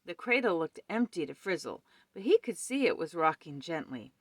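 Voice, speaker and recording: A woman reading a children's picture book aloud at home with expressive storytelling. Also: lowish voice, normal speed, no room sound.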